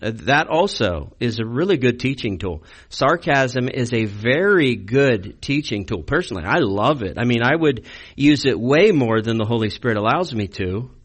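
A man's voice: medium pitch, a bit bright. A man preaching a sermon as a pastor, conversational and wry, leaning on rhetorical questions and dry humor.

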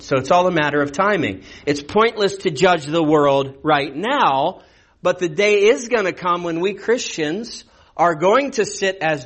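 A man preaching a verse-by-verse sermon in a conversational teaching manner, posing rhetorical questions. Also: a little high. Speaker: pastor. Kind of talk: expository sermon.

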